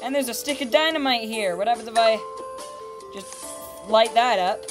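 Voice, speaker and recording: A woman's voice: fairly high pitch, moderate pace. Chatty woman hosting a game, music behind. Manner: chatty, upbeat, narrates on-screen text aloud. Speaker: gaming channel host. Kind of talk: casual let's-play commentary.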